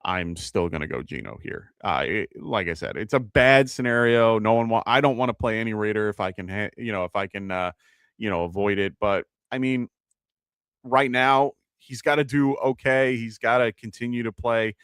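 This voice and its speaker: A man's voice: on the low side, normal speed, a bit bright, smooth, no room sound, studio quality. A man with a New York accent hosting a live fantasy football advice show, chatty and full of fillers and restarts.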